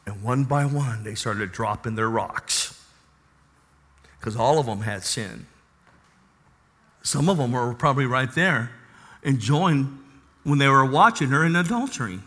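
A man preaching a sermon, animated, reading scripture and then dropping to a soft, intimate tone. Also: mid-range voice, measured pace, pauses often. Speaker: pastor.

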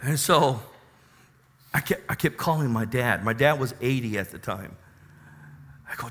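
A man preaching a sermon as a pastor, telling a personal story with passion and loud emphatic bursts. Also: medium pitch, lively intonation, unhurried, pauses often.

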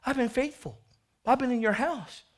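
Self-righteous older brother, whiny and indignant, pitched high and loud, as a man preaching puts him on. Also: moderate pace.

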